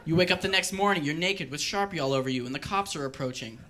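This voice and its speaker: Bright-voiced deadpan male comic. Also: fairly high pitch, fast. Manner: deadpan, wry, rambling asides. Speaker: stand-up comedian. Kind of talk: stand-up routine. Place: comedy club stage.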